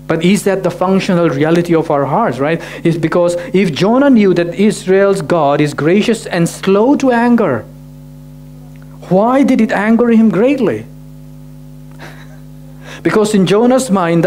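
At a church gathering, a male pastor with a high-pitched but darkish-toned voice preaches a sermon, posing rhetorical questions and often tacking "right?" onto his sentences.

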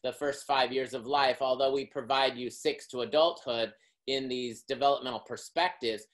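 A man's voice: mid-range voice, steady tone, normal speed, low-quality recording. A man presenting a workshop, lecturing in long, winding, academic sentences.

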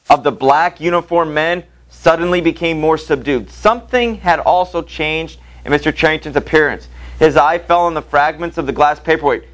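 A man's voice: fairly high pitch, a bit bright, poor audio. A male teacher giving a literature lecture, reading passages aloud and asking the class rhetorical questions in a conversational way.

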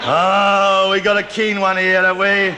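A jeering, bullying drill sergeant who laughs at his own jokes, his voice sitting high. He barks orders over heavy hiss from an old TV sitcom recording with studio laughter behind. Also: completely flat delivery, unhurried, over a noisy crowd. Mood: mocking. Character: bullying male army drill sergeant who mocks recruits. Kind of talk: 1970s studio sitcom acting.

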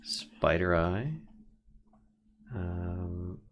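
A man with a low, gravelly voice chats through a casual gaming stream. He thinks aloud, reads out crafting recipes and laughs often. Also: steady tone, drawn-out words, soft background music. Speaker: streamer, co-host.

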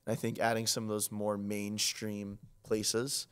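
A man's voice: fairly low pitch, completely flat delivery, unhurried, a bit bright, smooth. Rambling teenage guy on a school podcast. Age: teens. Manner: rambling, lots of fillers and restarts. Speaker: student podcast co-host. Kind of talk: casual chat. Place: town hall studio.

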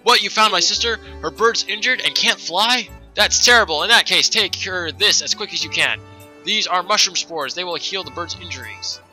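A man reading aloud the lines of a worried young brother looking for his sister, plainly and quickly. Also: high voice, bright, forceful tone, faint music behind, poor audio. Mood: concerned.

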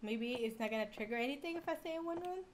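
A woman's voice: high voice, expressive, fast talker, a loud crowd. A young woman playing a horror game, talking to viewers and gasping and yelping when startled. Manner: jumpy, gasps and yelps when scared. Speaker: gamer streamer.

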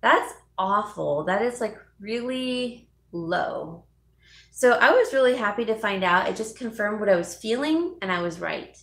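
A woman's voice: medium pitch, lively intonation, unhurried, vocal fry, a bit bright, reverberant. A woman hosting a casual live vlog from home, chatting with viewers by name and laughing often. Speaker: YouTube host.

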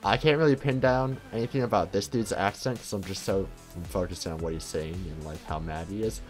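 A man's voice: low-pitched, a little fast, soft background music. An American man hosting a reaction video, talking in a laid-back, rambling way with lots of fillers. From United States. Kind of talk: casual reaction commentary.

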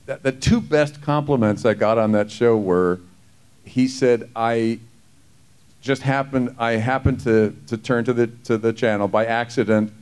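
Animated man telling stories on a panel. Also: medium pitch, clean tone. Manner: animated storyteller, quick to do voices and laugh. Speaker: actor panelist. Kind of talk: convention panel anecdotes. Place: convention hall panel.

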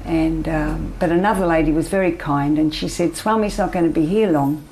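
An older Australian woman telling her personal story as an interview guest, soft-spoken and often trailing off into near-whispers. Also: low voice, a little fast, rough recording. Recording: faint background noise.

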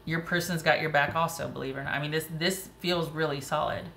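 A woman with a bright, clear voice talks her way through a tarot reading, chatty and encouraging, often breaking into laughs and little exclamations. Her voice sits slightly low for a woman and carries in an echoey room with a faint hiss behind it. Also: steady tone, fast talker. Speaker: tarot reader. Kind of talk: casual tarot reading monologue.

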